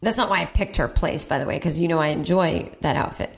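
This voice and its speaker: A woman's voice: deep voice, fast, gravelly. Chatty profane woman telling a story. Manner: chatty, profane, self-mocking, quotes people in put-on voices. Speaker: comedy podcast host. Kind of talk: casual storytelling monologue. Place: at home.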